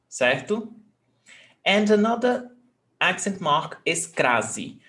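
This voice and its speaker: A man leads an online language lesson, his voice sitting a little higher than most men's. He takes his time, spelling out sounds one by one and pausing to ask if the learner is following. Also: animated, a bit bright, poor audio. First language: Portuguese. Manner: patient, repeats sounds slowly and checks in with "okay?". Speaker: Portuguese teacher.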